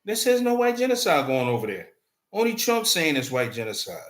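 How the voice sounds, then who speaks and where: A man's voice: on the high side, fairly quick. Slangy man ranting in an echoey room. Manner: loud, slangy, animated, repeats himself. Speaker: commentator reacting to clips. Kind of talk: casual reaction commentary.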